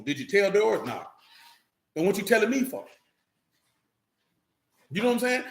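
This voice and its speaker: A man's voice: a little high, very animated, normal speed, pauses often, roomy sound. A man preaching an informal sermon to his congregation, reading scripture and breaking off into loose, slangy asides.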